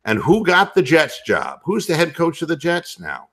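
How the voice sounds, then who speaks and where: A man's voice: a little high, huge pitch swings, moderate pace, creaky, fairly bright tone. A man hosting a casual sports talk show who jokes and rambles, often stammering on his words. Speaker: podcast host.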